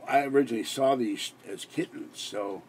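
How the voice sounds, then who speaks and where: Late at night, an exhausted, sleep-deprived older man from the Pittsburgh area hosts a live stream, rambling and giggling with many restarts. His voice is mid-range at a normal speed, with a little hiss or hum in the recording.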